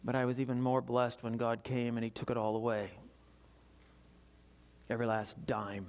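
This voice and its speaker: A man preaching a sermon in an earnest way, moving between loud urgent passages and quiet confessional ones. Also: medium pitch, level tone, normal speed, smooth.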